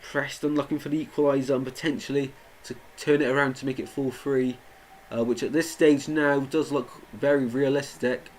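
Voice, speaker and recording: During a live match watchalong, a young streamer talks with his viewers and grows indignant over what happens on the pitch. He speaks at a normal speed in a mid-range voice with fairly even intonation. The audio is low quality and carries slight background noise.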